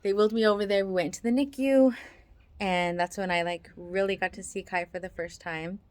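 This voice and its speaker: A woman with a mid-range voice tells a personal story in a relaxed, chatty way. She leans on "like" as a filler. She slips into other people's voices when she quotes them. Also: medium pitch, brisk. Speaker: mother telling a birth story. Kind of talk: casual storytelling to camera.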